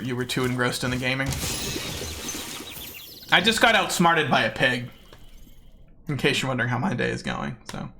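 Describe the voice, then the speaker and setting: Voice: medium pitch, sharp tone, a little hiss or hum. A game streamer chatting casually and jokingly with viewers while playing. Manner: self-mocking, jokey, talks to chat. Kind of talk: casual live-stream chat while gaming.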